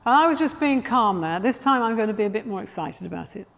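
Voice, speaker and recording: A woman's voice: mid-range voice, expressive, fast talker, creaky, long reverb tail. A woman dog trainer giving practical, matter-of-fact instruction, filmed outdoors. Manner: practical and matter-of-fact, turns bright and gushing when praising the dog. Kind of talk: instructional video.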